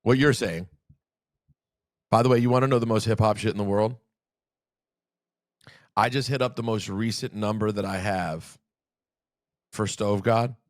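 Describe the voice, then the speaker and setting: A man talks loosely on a podcast, his voice sitting on the low side. The sound is dry and close, with no room around it. He rambles and slips in teasing jabs. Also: steady tone, normal speed, long pauses, no echo. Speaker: podcast co-host. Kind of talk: casual chat. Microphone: studio podcast mic.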